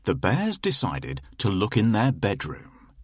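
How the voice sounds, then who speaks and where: A man narrating a children's fairy tale in a slow, expressive storytelling manner. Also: on the low side, a little hiss or hum.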